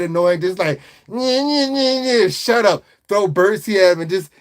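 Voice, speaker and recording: A man hosting a livestream, chatting casually in a rambling, slangy, animated way and greeting viewers. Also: high voice. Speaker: livestream host. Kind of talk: casual live chat.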